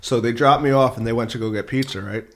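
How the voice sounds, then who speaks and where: A man's voice: medium pitch, quick pace, a little hiss or hum. Laughing, profane man telling a story. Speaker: podcast guest. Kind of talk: casual storytelling.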